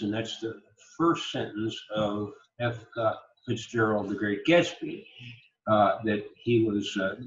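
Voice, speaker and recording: A man giving a recorded online lecture, speaking slowly and emphatically and exaggerating word stress to demonstrate. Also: on the low side. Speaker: college lecturer. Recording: roomy, dull lo-fi recording.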